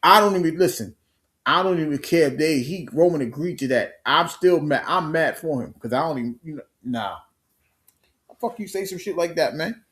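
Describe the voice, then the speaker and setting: A man hosting a live stream, telling the story in an animated, slang-heavy way with swearing and casual sports talk. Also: fairly high pitch, a little fast.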